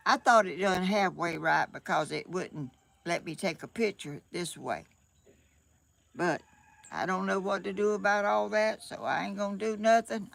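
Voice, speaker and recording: Flustered older Southern woman, gravelly. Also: medium pitch. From Georgia, USA. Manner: chatty and flustered, laughs often. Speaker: vlogger. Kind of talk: casual live-stream chat. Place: home, sunny room.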